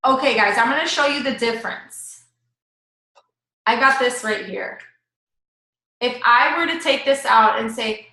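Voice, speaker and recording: A woman talks her team through a casual live-stream coaching session, chatty and enthusiastic. Her voice sits high and sounds bright and sharp. The room around her is echoey. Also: expressive, moderate pace, long pauses. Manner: chatty, enthusiastic, talks straight to viewers as "guys".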